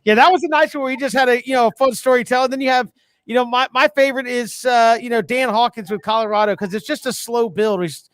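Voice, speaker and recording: A man co-hosting casual sports talk, an animated storyteller who laughs while talking. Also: extremely high pitch, fast, clear, resonant tone, no room sound. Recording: dry close sound.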